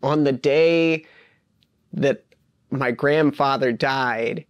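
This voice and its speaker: A young male teacher telling an animated, self-deprecating story. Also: medium pitch, drawn-out words, clear, resonant tone, dry recording, highs cut off. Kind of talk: casual anecdote.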